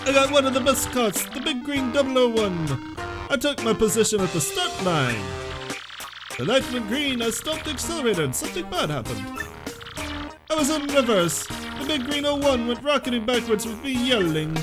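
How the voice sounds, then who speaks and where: A man putting on a deliberately poor Italian accent to voice a boastful young plumber telling a story, chummy and calling the listener bro. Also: very high-pitched, big pitch swings, music in the background, voice pushed up. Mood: boastful storytelling. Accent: mock Italian. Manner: chummy, says bro a lot.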